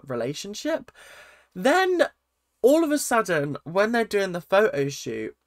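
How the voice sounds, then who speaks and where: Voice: medium pitch, dry recording, studio quality. A reality TV reaction vlogger, casual and sarcastic, often repeating phrases in exasperation.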